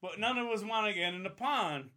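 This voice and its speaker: High-pitched and a little fast, this young man is a podcast storyteller sharing a long story with friends. He curses a lot, stays animated, and mimics the voices of the people in the story.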